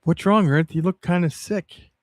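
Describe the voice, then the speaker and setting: A man voicing a panicky, wide-eyed male cartoon moon in a high, alarmed voice. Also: normal speed, dry recording, clean studio sound, natural voice. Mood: concerned.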